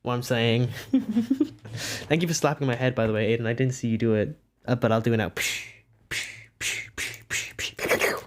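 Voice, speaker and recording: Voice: medium pitch, fairly even intonation, fast talker, pauses often. A nineteen-year-old streamer chatting casually on a live stream while drawing, giggly and self-mocking. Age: about 19.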